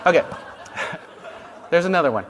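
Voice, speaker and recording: Buddhist teacher in a hall, playful. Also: male voice, mid-range voice, noisy background. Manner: playful, laughs at his own jokes. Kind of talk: dharma talk.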